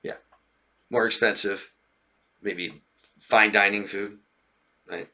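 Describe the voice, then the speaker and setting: Bright-voiced male coach, animated. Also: fairly low pitch, slow. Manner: animated, acts out friends in raised mocking voices; frequent laughs and checks like "yeah?" and "right?". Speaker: relationship coach. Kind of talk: casual talk to viewers.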